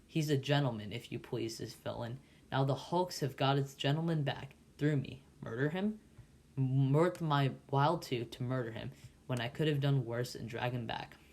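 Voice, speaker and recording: A man voicing a desperate, rough-spoken escaped convict who talks with fierce scorn. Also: mid-range voice, normal speed, a little mellow, natural voice.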